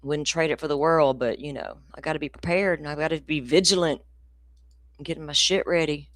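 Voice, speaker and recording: A woman's voice: low-pitched, fairly even intonation, a little fast, fairly bright tone, no echo, clean studio sound. A middle-aged woman, hosting a casual true crime livestream in a rambling, profane, ranty way.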